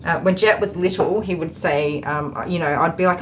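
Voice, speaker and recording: A woman's voice: on the low side, steady tone, moderate pace, hardly any pauses, a little hiss or hum, poor audio. A middle-aged woman, a dog groomer, chatting on a live stream while she works, with lots of ums and laughs. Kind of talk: casual chat while working. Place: grooming salon, indoors.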